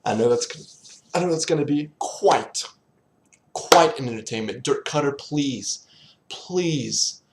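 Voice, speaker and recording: A man's voice: mid-range voice, animated, takes it slowly, noisy background. A young man ranting in a casual vlog, exasperated, sarcastic and swearing often. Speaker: sports fan vlogger.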